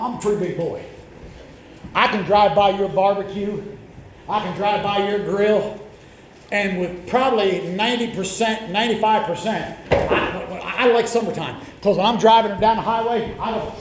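A middle-aged male pastor preaching a sermon, telling stories and repeating words as he builds to shouted lines. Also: sits high, normal speed, echoey room, noisy background. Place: church sanctuary.

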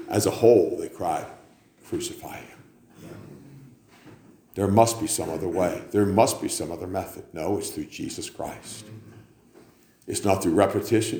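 Deep-voiced man preaching in an echoey room. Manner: preaching, building to loud climaxes then dropping low. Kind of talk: sermon. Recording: echoey room with faint background noise.

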